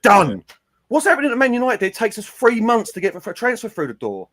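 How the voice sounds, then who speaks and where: A man's voice: high voice, a little fast. A man ranting heatedly on a fan podcast panel. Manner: animated, ranting, slips into mimicking quotes.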